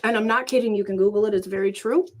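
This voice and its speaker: A woman's voice: medium pitch, fast, darkish tone. A woman hosting a casual livestream chat, telling stories in a chatty, stumbling way. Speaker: host.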